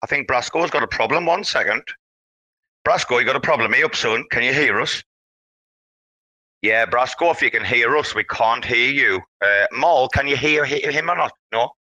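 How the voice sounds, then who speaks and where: A man hosting a casual online audio chat, talking in an animated, rambling way as he hypes up his community. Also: medium pitch, normal speed, no echo, low-quality recording. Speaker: host.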